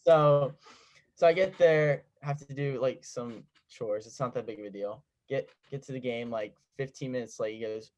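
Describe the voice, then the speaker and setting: Teen male co-host, mid-low voice, relaxed storyteller who acts out quotes. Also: normal speed, dull audio. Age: teens. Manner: laid-back, acts out quotes in his anecdotes. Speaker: podcast co-host. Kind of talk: casual podcast storytelling.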